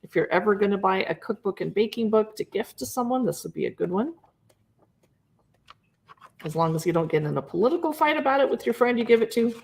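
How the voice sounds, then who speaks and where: A woman hosting a casual livestream, chatty and animated, showing products and joking about herself. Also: medium pitch, brisk, vocal fry. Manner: chatty, animated, self-deprecating. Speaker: livestream host. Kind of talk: casual product showcase chat.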